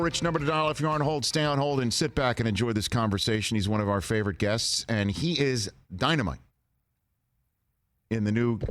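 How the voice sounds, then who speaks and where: A middle-aged man hosting a sports radio talk show, telling stories with lively quoted voices. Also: lowish voice. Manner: animated storytelling with quoted voices.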